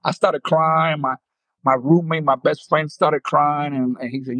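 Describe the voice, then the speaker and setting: A man's voice: fairly high pitch, unhurried, dry recording, poor audio. A man in his fifties from the Dominican Republic with a New York accent, a former ballplayer animatedly telling stories in an interview and acting out quotes. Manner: animated storyteller, acts out quotes, laughs often. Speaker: former pro baseball player, guest. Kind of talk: storytelling interview.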